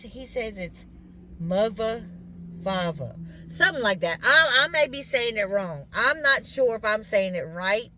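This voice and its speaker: A woman's voice: mid-range voice, fairly bright tone. A middle-aged woman with a Southern US accent, chatting casually to her viewers as y'all, her voice a bit congested from sinus drainage. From Louisiana, US. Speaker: vlogger.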